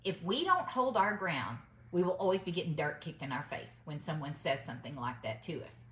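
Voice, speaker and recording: With a deep, very animated voice that's a bit bright, this middle-aged woman tells a casual story to camera a little fast. She gives business mindset advice, calls her viewers y'all, and sounds chatty and emphatic against a reverberant backdrop.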